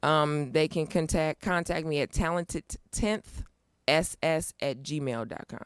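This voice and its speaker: A middle-aged woman chats as an interview guest, upbeat and emphatic, with a lot of push behind her points. Her voice is smooth and clean, and the sound is dry and close with no room around it. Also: low-pitched, a little slow, no room sound. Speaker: guest, nonprofit founder. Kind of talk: casual interview chat.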